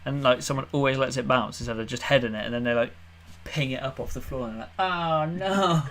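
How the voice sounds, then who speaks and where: A man's voice: medium pitch, little pitch movement, quick pace, fairly bright tone, a little hiss or hum. A young man co-hosting a podcast, bantering casually and laughing at his own jokes. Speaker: podcast co-host. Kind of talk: casual chat.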